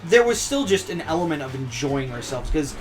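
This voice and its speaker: A man's voice: fairly high pitch, very animated, a little fast, faint music behind. A young man chatting casually as a guest on a gaming podcast, stating his opinions in a matter-of-fact way.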